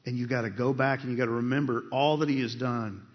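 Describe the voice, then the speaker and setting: A man's voice: mid-range voice, steady tone, quick pace. A male pastor preaching a conversational sermon in a church, asking the congregation questions as he goes. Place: church sanctuary. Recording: dull sound with long hall reverb.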